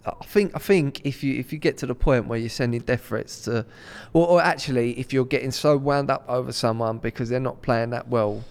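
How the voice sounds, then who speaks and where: Animated man, clear voice. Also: mid-range voice, fairly quick, hardly any pauses. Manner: animated, restarts sentences, slangy. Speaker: podcast co-host. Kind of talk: casual banter podcast. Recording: reverberant room.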